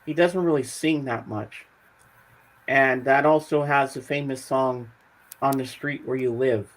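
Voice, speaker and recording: A man's voice: mid-range voice, fairly even intonation, measured pace, low-quality recording. A man co-hosting a casual chat, upbeat and talkative, eager to share favorites. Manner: upbeat, chatty, bursts into song snippets. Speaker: regular co-host.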